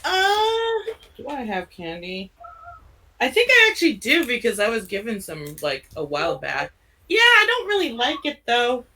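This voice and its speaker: Bright, lively woman player. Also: fairly high pitch, normal speed, distant mic. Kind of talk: casual in-character play.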